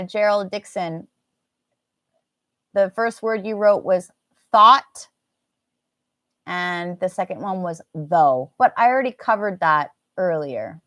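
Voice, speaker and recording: A woman's voice: medium pitch, fairly bright tone, no room sound. A woman with an American accent teaching a live English lesson, enunciating words carefully and slipping into Indonesian phrases. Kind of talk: live online language lesson.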